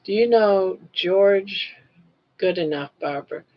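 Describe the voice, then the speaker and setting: A woman's voice: medium pitch, slow. An older woman hosting a casual livestream, reading viewer comments aloud and greeting chatters by name. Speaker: livestream host. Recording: dull lo-fi livestream audio.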